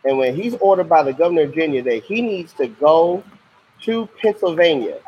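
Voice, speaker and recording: Male teacher, slightly high voice, slangy and lively, quizzes the chat, dull lo-fi stream audio. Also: a little fast. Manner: lively, slangy, asks questions to the class. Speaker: history teacher. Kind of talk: casual livestream lesson. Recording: muffled lo-fi stream audio with faint hiss.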